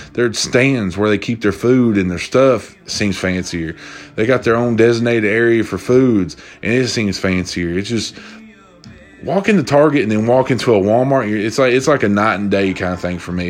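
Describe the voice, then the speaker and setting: A man's voice: fairly low pitch, normal speed, faint music behind. A man hosting a casual solo podcast at home, rambling and cursing as he tells stories and acts out quoted voices. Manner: profane, rambling, animated storytelling with quoted voices. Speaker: podcast host. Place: at home, drinking bourbon while recording.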